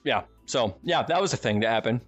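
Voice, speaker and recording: An American man telling his stream viewers a casual story, animated and profane, laughing often. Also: mid-range voice, fairly quick, faint music behind. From United States. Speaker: streamer and channel host.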